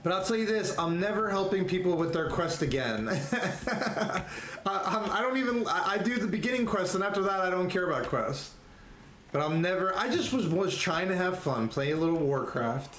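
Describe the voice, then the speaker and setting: A man chatting casually on a live game stream, excitable and rambling, laughing often. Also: sits high, moderate pace, slight background noise. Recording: echoey room with faint ambience.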